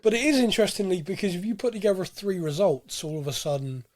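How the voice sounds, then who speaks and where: Animated man, football podcast host. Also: sits high, fast, no echo, studio quality. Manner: animated, rambling, frequent restarts. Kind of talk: casual fan podcast chat.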